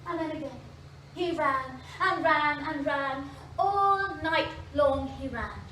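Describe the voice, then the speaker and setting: A woman storyteller performing a fairy tale live in a library, expressive, with dramatic pauses and voiced sound effects. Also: high-pitched, a little hiss or hum. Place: library event space, indoors. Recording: echoey room from a distance.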